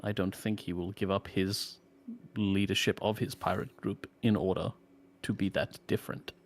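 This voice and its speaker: A man playing in a tabletop role-playing game, enthusiastic in chat and measured when making his case. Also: low-pitched, little pitch movement. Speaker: player.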